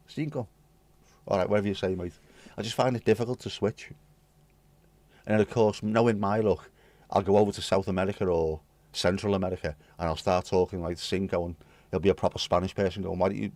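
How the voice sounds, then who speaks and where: Deep-voiced British man rambling to chat. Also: darkish tone, no echo. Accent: British English. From United Kingdom. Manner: rambling, cheeky, swearing jokes, reads and answers chat. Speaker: livestream host. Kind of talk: casual chat to live chat readers.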